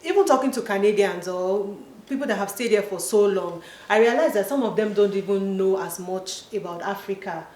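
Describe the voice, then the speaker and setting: A woman's voice: mid-range voice, fairly quick, hardly any pauses, a little mellow. A Nigerian-accented woman hosting a casual chat, earnestly advising and talking straight to her viewers. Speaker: host. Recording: roomy echo.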